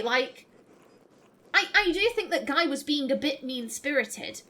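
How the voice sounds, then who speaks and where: A woman's voice: high voice, lively intonation, measured pace, sharp tone. A young adult woman hosting a let's play, chatting casually, thinking aloud and reading the game text. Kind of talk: casual gameplay commentary.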